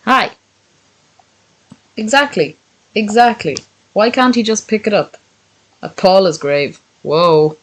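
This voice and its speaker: A woman's voice: medium pitch, expressive, takes it slowly, pauses often, a little hiss or hum, low-quality recording. A woman streamer chatting casually and reading aloud, sweary and self-mocking.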